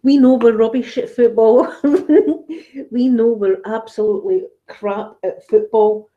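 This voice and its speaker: A woman's voice: mid-range voice, warm tone. A woman with a Scottish accent, an ASMR channel host, chatting casually and rambling as she answers viewer comments. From Scotland. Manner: chatty and rambling, with frequent fillers. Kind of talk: casual live chat, reading viewer comments.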